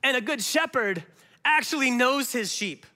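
High-voiced animated preacher man. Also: normal speed. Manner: animated, swings between loud and hushed. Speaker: pastor. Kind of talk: sermon.

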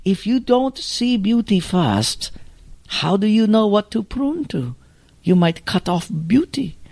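A man putting on a slow, high old bonsai master. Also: very animated, gravelly, darkish tone, full character voice. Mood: serene. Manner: slow, clipped broken phrasing. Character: calm older male bonsai master, patient teacher.

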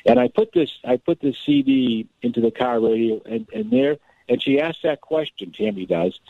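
A man with a gravelly, creaky voice tells a family story as a guest on a radio interview. His pitch swings widely as he talks, stopping and restarting in quick bursts. The sound is dry and a little dull, like a lo-fi radio feed. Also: no echo. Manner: animated, restarts often, storyteller. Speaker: author and guest.

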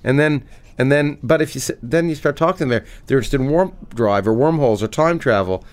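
Middle-aged guy in an interview, talks fast and lively, keeps restarting sentences. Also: mid-range voice. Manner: animated, many restarts, reads a passage slowly. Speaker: physicist and author, guest. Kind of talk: conversational interview.

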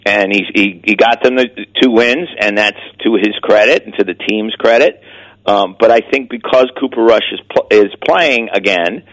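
A man's voice: lowish voice, moderate pace, fairly bright tone, low-quality recording. A man talking as a weekly guest on sports radio, in casual chat that stops and restarts often on repeated words.

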